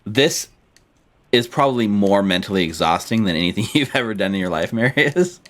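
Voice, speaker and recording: A man's voice: lowish voice, lively intonation, brisk, a bit bright. A man running a tabletop game over a voice call, narrating loosely and casually with lots of fillers and laughs. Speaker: game master.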